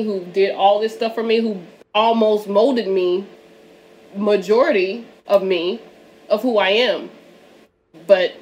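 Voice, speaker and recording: A woman's voice: medium pitch, a little hiss or hum. A woman hosting a casual podcast chat, talking candidly, swearing and laughing often. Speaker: podcast host.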